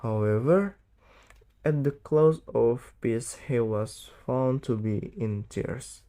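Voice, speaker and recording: A young man, reading a novel aloud for school in a halting way, stumbling over and misreading words. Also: mid-range voice, warm tone. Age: late teens. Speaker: student reading an audiobook. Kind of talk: read-aloud narration of a novel.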